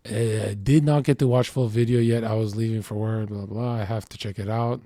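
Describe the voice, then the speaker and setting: A man's voice: on the low side, steady tone, normal speed, few pauses, dark tone, no echo, clean studio sound. A man streaming, reacting to chat and reading messages aloud, in a brash, profane, boastful way, rambling and acting out bits of dialogue.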